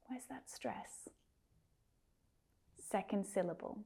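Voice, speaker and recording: Slow, mellow-voiced woman teaching pronunciation. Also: fairly high pitch. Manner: carefully over-articulated, drilling single words. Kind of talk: slow, deliberate pronunciation lesson.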